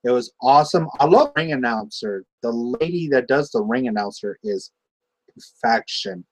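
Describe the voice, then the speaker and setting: A young man giving a casual, rambling solo review of a wrestling show, excitable and full of fillers and restarts. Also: medium pitch, moderate pace, low-quality recording.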